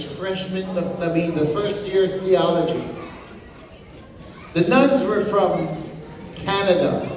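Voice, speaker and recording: A man's voice: high-pitched, a little hiss or hum. An older man from Hawaii with a Hawaiian accent, a comedian chatting and telling stories to a live audience. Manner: animated, chatty storyteller. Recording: echoey hall from far off.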